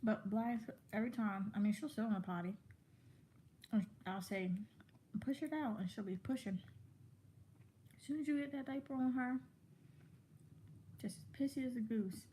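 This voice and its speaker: A woman's voice: fairly high pitch, normal speed, long pauses, dark tone, a little hiss or hum. A pregnant woman in her twenties chatting casually to the camera while she eats, rambling from topic to topic. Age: 20s. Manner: rambling, chatty, talks between bites. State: pregnant and full from eating. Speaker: vlogger.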